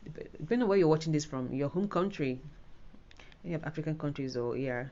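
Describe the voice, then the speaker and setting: A woman's voice: deep voice, lively intonation, fast talker, mellow, muffled recording. A Nigerian woman giving a casual, rambling spoken tutorial on an exam, full of fillers and restarts. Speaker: IELTS tutor.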